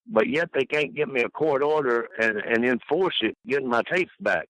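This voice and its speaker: An older man rambling through a folksy anecdote as an interview guest, his voice bright and forceful. He laughs at his own stories, and the sound is dry and close. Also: medium pitch, normal speed, no echo, poor audio.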